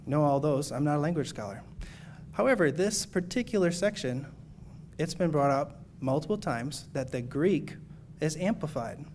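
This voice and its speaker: A man delivers an earnest, measured sermon, his voice sitting a little higher than most men's. He works through scripture passages with steady conviction, reading them aloud and unpacking them for his listeners. A faint hum of the room lingers beneath him. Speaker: preacher.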